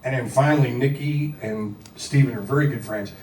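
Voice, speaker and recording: A man from Philadelphia, a rock singer, telling a casual anecdote in an animated, profane, self-deprecating way and acting out the quotes. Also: medium pitch, fairly quick, a little hiss or hum. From Philadelphia, USA. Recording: roomy echo, distant mic, faint music.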